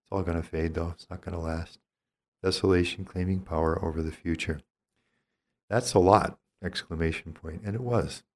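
A middle-aged man with a very low, deep voice gives a spiritual teaching talk. He speaks reflectively and reads passages aloud from his own journal. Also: steady tone, moderate pace, slight background noise.

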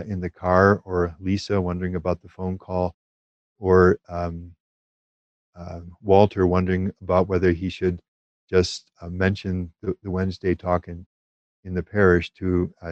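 A man giving a measured, thoughtful teaching talk on prayer, pausing often with hesitations. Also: deep voice, darkish tone, no echo, muffled recording. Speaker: Catholic spiritual teacher.

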